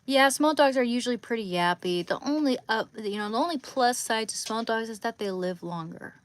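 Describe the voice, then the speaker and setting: A woman's voice: on the high side, lively intonation, fairly quick. A young woman live streaming from her bedroom at home, chatting casually into her phone in rambling asides.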